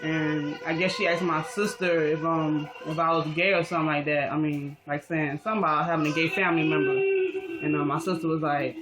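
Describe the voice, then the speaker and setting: A woman's voice: deep voice, fairly even intonation, a little fast, poor audio. A young woman casually telling a personal story in a rambling, slangy, profane way, full of fillers. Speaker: vlogger. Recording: music playing behind.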